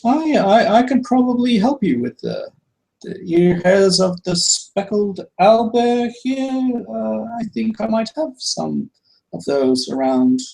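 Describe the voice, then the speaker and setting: A man's voice: sits high, expressive, slow pace, gravelly, a little mellow, pitched above the performer's own voice, exaggerated voice, low-quality recording. A man voicing a polite, fussy male shopkeeper with a monocle, speaking in a courteous, hesitant, formal way. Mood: flustered.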